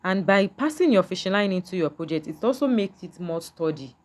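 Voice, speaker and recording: A woman's voice: lowish voice, lively intonation, fairly quick, darkish tone. A woman giving a patient, step-by-step beading tutorial and often asking the viewer whether they can see. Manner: patient, repetitive, checks in with "can you see?".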